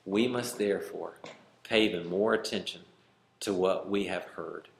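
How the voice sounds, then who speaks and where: A male pastor preaching a sermon, pleading and emphatic, swinging from loud, high emphasis to quiet, low asides. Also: moderate pace, gravelly, echoey room. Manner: pleading, rising to emphatic then dropping quiet.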